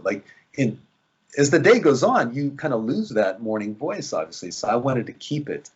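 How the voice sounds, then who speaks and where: A man's voice: medium pitch, very animated, moderate pace, slightly rough, lo-fi sound. A man, an actor, chatting in an interview, rambling with lots of fillers and restarts. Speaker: actor guest. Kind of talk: casual interview chat.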